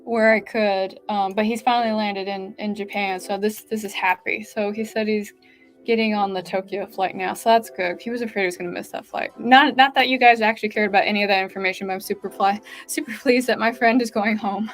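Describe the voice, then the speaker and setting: A woman's voice: medium pitch, steady tone, a little fast, soft background music. A woman hosting a live writing-sprint stream, chatting casually and reading viewer comments aloud, with lots of "like" fillers.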